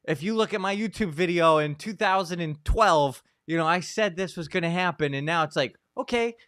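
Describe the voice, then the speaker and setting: A man co-hosting a casual talk show, telling stories in an animated way with many fillers and restarts. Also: a little high, fairly quick, dry recording, clean studio sound. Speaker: co-host, Catholic psychologist. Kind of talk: casual conversational commentary.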